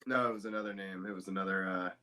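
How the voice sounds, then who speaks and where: A man with a lowish voice chats casually as a guest, with a bright, sharp edge to his tone. He is dry and teasing, and he pokes fun at his host. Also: fairly even intonation, racing. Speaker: guest voice actor. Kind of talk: casual chat.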